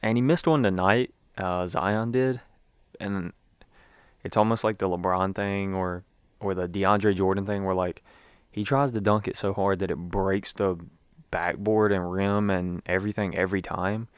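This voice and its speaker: A man's voice: low-pitched, fairly even intonation, unhurried, clean tone, no room sound. A young man giving a rambling, casual recap as a sports fan, with lots of fillers and restarts.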